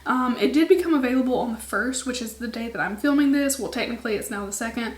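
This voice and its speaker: A woman's voice: on the high side, fast talker, reverberant. A young woman, a beauty vlogger, chatting casually to camera in a rambling way with lots of ums, her voice starting to wear out.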